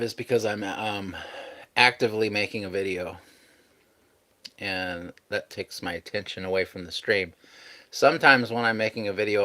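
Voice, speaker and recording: A man's voice: lowish voice, fairly bright tone. A man hosting a casual live stream, chatting easygoingly and thanking viewers as he reads out their messages.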